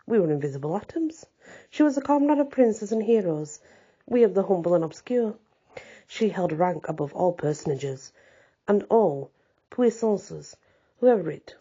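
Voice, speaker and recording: A woman reading a classic novel aloud in measured storytelling. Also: fairly low pitch, warm tone, husky, muffled recording. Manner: measured, old-fashioned storytelling. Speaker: audiobook reader. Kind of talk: scripted narration.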